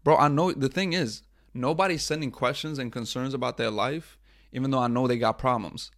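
A man's voice: medium pitch, a little fast, a bit bright, no echo, studio quality. A young man hosting his own podcast over a livestream, talking casually, swearing and mocking himself. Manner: frustrated, profane, self-mocking. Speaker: podcast host.

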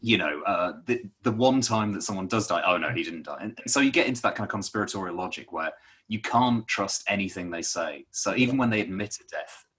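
A man's voice: on the low side, brisk, fairly bright tone, slightly rough. A man explaining a topic in casual conversation, rambling with lots of fillers and restarts.

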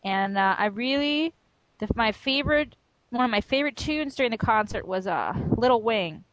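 A young woman with a slightly high voice chats on a podcast, teasing and halting as she recalls things. The sound is close and dry, with no room echo. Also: expressive. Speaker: podcast co-host. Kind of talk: casual chat.

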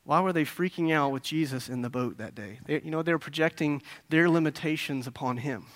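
A man's voice: fairly high pitch, a little fast. A man preaching a sermon, telling stories with acted-out voices and asking his listeners questions. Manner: animated storytelling, acting out voices, asking the audience questions. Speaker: pastor.

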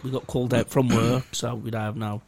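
A man's voice: mid-range voice, flat delivery, normal speed, vocal fry, darkish tone, slight background noise. A young man, rambling through a sweary, self-mocking story in casual chat. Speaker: podcast co-host.

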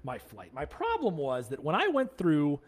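An American man hosting a podcast, telling an anecdote in casual chat, animated and laughing often. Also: a little high, moderate pace, breathy edge. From United States. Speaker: podcast host.

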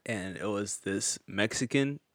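A man's voice: fairly low pitch, no room sound. A young man in casual, profane, joking conversation, teasing his co-host. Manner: joking, profane, quick to tease. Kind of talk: casual chat.

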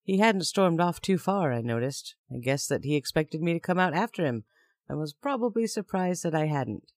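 A man narrating a first-person story in a steady, plain way. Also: a little high, normal speed, no echo, studio quality.

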